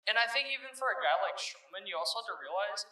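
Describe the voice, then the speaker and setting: A man's voice: high-pitched, animated, quick pace, bright, forceful tone, roomy sound, far from the mic, poor audio. A man co-hosting a sports podcast, chatting casually and rambling with lots of fillers and self-corrections. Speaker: podcast co-host.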